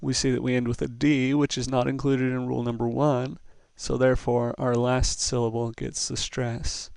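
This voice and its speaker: A man's voice: medium pitch, flat delivery, normal speed, gravelly, darkish tone, clean tone, no echo. A man teaching a recorded lesson, explaining step by step in a patient, methodical way. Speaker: Spanish teacher.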